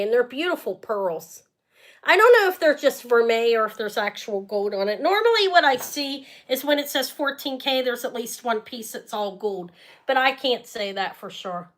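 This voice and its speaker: A woman hosting a live jewelry sale stream, chatting casually and rambling as she talks straight to her viewers. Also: on the high side.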